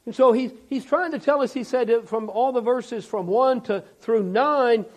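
A man preaching a sermon with dynamic delivery, swinging from loud emphasis to hushed, intense passages. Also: very high-pitched, measured pace, rough recording. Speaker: pastor.

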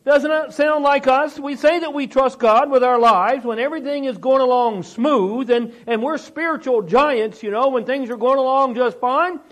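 A man's voice: very high-pitched, normal speed, few pauses. A male pastor preaching a sermon in a conversational way, often repeating words and restarting phrases, and building emphasis on rhetorical questions.

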